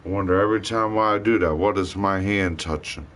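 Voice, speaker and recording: A man's voice: sits low, a little fast, fairly bright tone, slight background noise. A man ranting bitterly to his live stream, full of cursing and rambling complaints.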